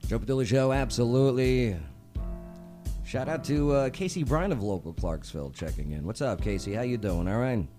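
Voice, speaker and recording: A man's voice: fairly low pitch, sing-song, fairly quick, hardly any pauses, over music. A man hosting a local talk show, chatting loosely and joking with his cohost. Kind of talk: casual talk show chat.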